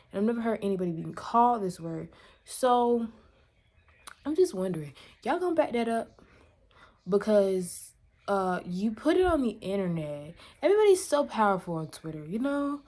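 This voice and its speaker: A woman's voice: mid-range voice, darkish tone. A woman vlogger in a casual rant to camera, exasperated and emphatic, lecturing her viewers.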